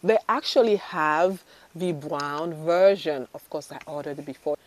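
A chatty woman vlogger talks through her bangle collection in a relaxed, gushing way, with plenty of fillers and self-corrections. Her voice sits a little low for a woman. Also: a little slow. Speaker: fashion vlogger. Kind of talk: casual try-on haul chat.

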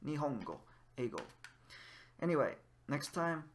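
A man giving a casual spoken language lesson while playing a game, patiently repeating each word slowly for the learner. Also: mid-range voice, big pitch swings. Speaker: language teacher in a game video.

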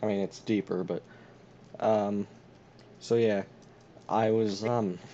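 Young dude playing a game, sarcastic and dry, low mellow voice, muffled lo-fi mic. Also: male voice, fairly even intonation, slow pace, a little hiss or hum. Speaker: gamer. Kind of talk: casual gaming chat.

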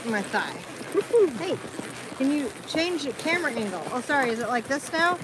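A woman's voice: high-pitched, animated, moderate pace, background noise. A woman live-streaming on her phone while riding a horse on a trail outdoors, chatting casually and coaxing her dog along in a sing-song voice.

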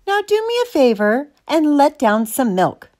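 A patient farmer gently coaxing his stubborn cow, growing a little exasperated, as a woman reading aloud puts him on. The voice is unhurried with lively, animated pitch.

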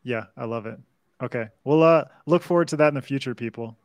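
A man's voice: medium pitch, quick pace. A male podcast co-host wrapping up a livestream chat, laid-back and friendly, swearing casually.

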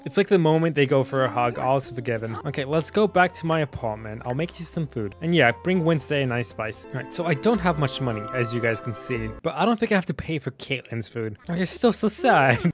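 A man hosting a gaming video, chatting casually over gameplay and often talking back to the characters with excited outbursts. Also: mid-range voice, fast talker, few pauses, over music. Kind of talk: casual let's-play commentary.

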